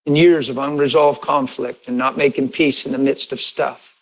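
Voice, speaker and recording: A man's voice: normal speed, low-quality recording. A male pastor preaching a sermon, telling a personal story in a conversational way and acting out conversations with bursts of laughter. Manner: animated, re-enacts conversations with rising pitch and bursts of laughter; conversational, direct address to congregation.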